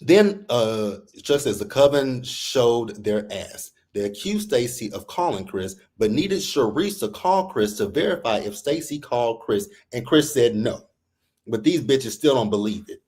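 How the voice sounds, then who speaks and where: Male reality TV recap host, AAVE speech, mid-pitched, profane and exasperated, rants hard. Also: measured pace. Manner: profane, animated, exasperated, quotes people in put-on voices. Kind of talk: heated casual recap rant.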